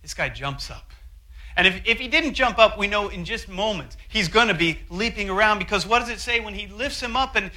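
A man preaching a sermon, telling a story with animated asides and acting out quotes. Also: high-pitched, brisk, low-quality recording. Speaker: pastor.

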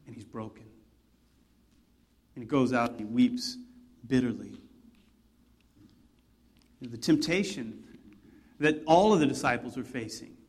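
A man's voice: high voice, darkish tone. A man preaching a sermon, retelling a story in a conversational way with asides. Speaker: pastor.

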